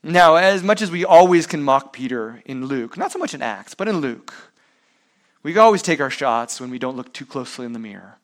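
A man's voice: a little high, animated, brisk. A man preaching a sermon, asking rhetorical questions and using sports analogies. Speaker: pastor.

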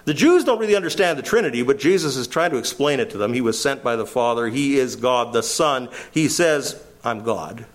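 An older man preaching a verse-by-verse sermon, animated, his voice climbing sharply when he quotes. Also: mid-range voice, brisk, few pauses.

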